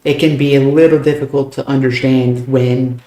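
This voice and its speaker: A young American man, chatting casually and fast with stream viewers, loose and a bit profane. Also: medium pitch, level tone, dark tone. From United States. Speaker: game streamer. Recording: roomy echo.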